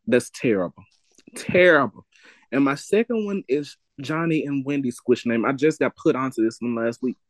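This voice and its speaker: Animated joking man in group chat. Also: mid-range voice, no echo. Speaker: podcast co-host.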